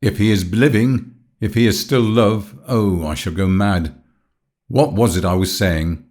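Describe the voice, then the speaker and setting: A man's voice: lowish voice, unhurried, a little mellow, lightly acted. A man voicing an anxious, devoted young woman in an audiobook, speaking with raised, emotional pleading. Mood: distraught. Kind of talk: audiobook character voice.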